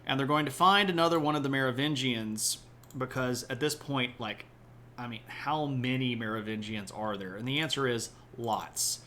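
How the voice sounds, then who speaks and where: A man's voice: medium pitch, moderate pace, sharp tone, slight background noise. A man hosting a casual livestreamed history talk, explaining events in a joking, chatty way and often checking in with "right?". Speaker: history podcast host.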